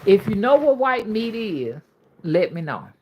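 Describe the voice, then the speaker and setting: There's slight background noise as this Alabama livestream host talks in a mid-range, sing-song, dark-toned voice at a measured pace. Her Southern accent is old-fashioned, and she chats casually, reading comments from viewers in a folksy style.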